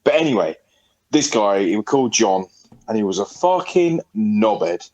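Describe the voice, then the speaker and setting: A man's voice: lowish voice, big pitch swings, normal speed, darkish tone, lo-fi sound. A man, a podcast co-host telling a story in a rambling, sweary, casual way. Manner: rambling, sweary, laughing often.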